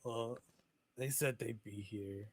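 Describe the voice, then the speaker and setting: A crestfallen young companion mumbles his lines in a muted, low-key way, as a man puts him on. The sound is dry and close, with no room around it. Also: unhurried, creaky, breathy edge, no room sound.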